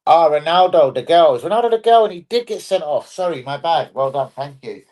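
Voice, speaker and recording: Blunt, sweary bloke. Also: male voice, on the high side, expressive, brisk, a little mellow. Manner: blunt, swears a lot, rambling. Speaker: live stream host. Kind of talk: casual football chat.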